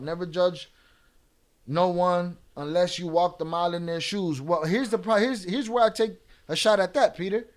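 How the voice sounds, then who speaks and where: A middle-aged man hosting a live stream, talking bluntly and profanely as he rants back at his chat. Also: high-pitched. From United States.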